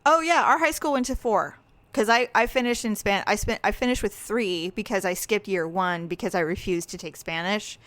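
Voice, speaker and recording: Woman, middle-aged, podcast co-host, smooth clear voice, dry close sound, lively storytelling. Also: medium pitch, moderate pace, no echo. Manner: animated storyteller, acts out quotes in raised voice. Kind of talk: casual chat.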